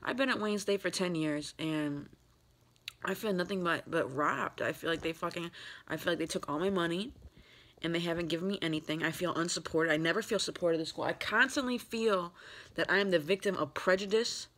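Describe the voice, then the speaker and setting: A woman's voice: on the low side, a bit bright. An upset, tearful woman in her thirties venting in a rambling vlog, full of fillers and restarts. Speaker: vlogger. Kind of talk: emotional personal vlog.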